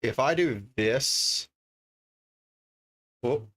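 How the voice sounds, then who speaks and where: A man talks his way through a casual livestream from his home desk. His voice sits at an ordinary middle pitch, and he rambles loosely, thinking aloud as he reads out one name after another. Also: extremely slow, a bit bright. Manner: chatty, thinks aloud, reads card names as he goes. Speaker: livestreamer opening card packs.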